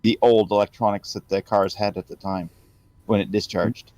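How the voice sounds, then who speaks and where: A man's voice: lowish voice, fairly even intonation, normal speed, a little mellow, dry recording. Matter-of-fact man, dry sound. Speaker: call-in guest. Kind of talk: casual group chat.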